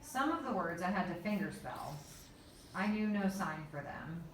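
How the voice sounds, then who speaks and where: A woman reading a children's story aloud in a measured, unhurried way. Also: on the low side, expressive, a little hiss or hum. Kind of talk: storybook narration. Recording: echoey room, voice from far off.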